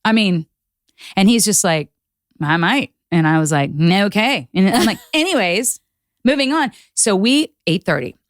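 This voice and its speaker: A woman's voice: lowish voice, expressive, a little slow, dry recording, clean studio sound. A middle-aged woman hosting a podcast, telling a story with lots of energy, acting out quotes, swearing and laughing. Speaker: podcast host. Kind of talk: casual chat.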